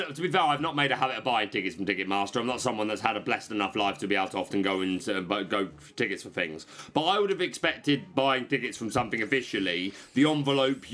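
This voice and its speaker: Bright-voiced rambling man. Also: medium pitch. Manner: rambling, self-interrupting storyteller. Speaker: let's-play co-host. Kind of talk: casual gameplay chat.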